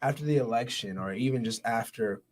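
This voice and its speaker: A man's voice: medium pitch, fairly quick. A man from Washington, D.C., an elected official, speaking as a guest in a studio interview, polished and earnest. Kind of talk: casual interview talk.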